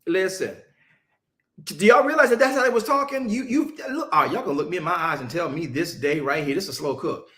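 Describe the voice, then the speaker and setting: A male preacher teaching a Bible-study sermon, emphatic and conversational, drawing answers from his listeners and slowing down to stress scripture. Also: high-pitched, animated, sharp tone. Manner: casual Southern-leaning vernacular, mocking asides.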